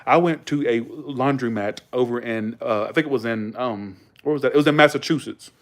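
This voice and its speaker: Talking a little fast in a mid-range voice, this Southern American streams live with a Southern accent. He spins stories loosely and curses without holding back.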